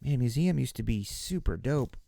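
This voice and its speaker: A man hosting a live card break, chatting casually with viewers as he opens cards, relaxed and joking. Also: mid-range voice, moderate pace, vocal fry, a little hiss or hum. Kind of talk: casual live commentary while opening cards.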